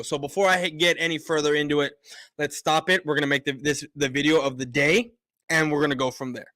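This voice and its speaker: A man's voice: on the high side, fairly even intonation, fast talker, bright, forceful tone, no echo, studio quality. A man hosting a casual livestream, rambling with many fillers and restarts, greeting viewers in the chat and sounding a little choked up. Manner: openly emotional, a little choked up. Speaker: livestream host.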